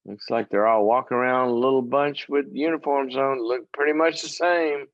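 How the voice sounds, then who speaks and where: A man's voice: mid-range voice, steady tone, moderate pace, dry recording, muffled recording. A man telling a story in a talk, acting out the voices of the people he quotes. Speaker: psychologist and speaker.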